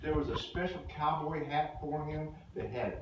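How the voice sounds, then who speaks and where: Man, storyteller for a kids' group, fairly high voice, plays the family voices. Recorded from far off in an echoey, noisy room. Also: normal speed, muffled recording. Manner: plays family voices, asks the kids questions. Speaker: storyteller for young children. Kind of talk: casual storytelling to kids.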